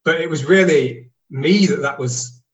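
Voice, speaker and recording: A man's voice: a little high, a little slow, distant mic, highs cut off. A man in his forties tells his own story in a casual, reflective way. He is candid and self-deprecating, and he stops and restarts as he talks. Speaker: guest telling his story.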